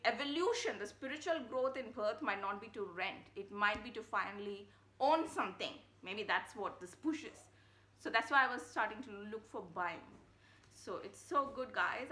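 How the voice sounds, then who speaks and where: A young woman vlogging in a chatty, excitable way, often addressing her viewers as "guys.". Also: fairly high pitch. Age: young adult. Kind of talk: casual vlog chat. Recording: echoey room with faint ambience.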